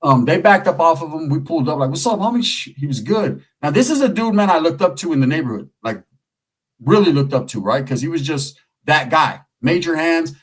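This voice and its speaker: Middle-aged Californian man, streetwise storyteller, husky and slightly high. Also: a little fast, rough recording. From Merced area, California. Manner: streetwise slang, profane, animated. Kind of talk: casual storytelling.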